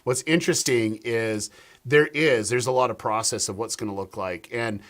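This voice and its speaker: A man's voice: medium pitch, moderate pace. A man, a YouTube strategist, talking as a guest on a live stream over a video call, telling stories with lots of fillers and restarts. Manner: animated storyteller, many fillers and restarts.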